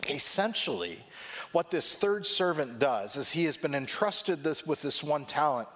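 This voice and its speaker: A man preaching a sermon, reflective and emphatic, slowing down to stress key lines. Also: a little high, lively intonation, a bit bright, a little hiss or hum.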